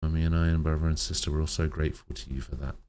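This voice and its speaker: A man voicing a calm, gentle male character who speaks softly and sincerely. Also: rumbling low, very fast, a little hiss or hum. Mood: tender.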